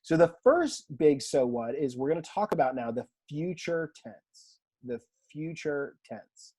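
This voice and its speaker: A man teaching a recorded online language lesson in a relaxed, chatty way, with fillers and asides, from a room at home. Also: on the high side, unhurried, slightly rough. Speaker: Greek teacher.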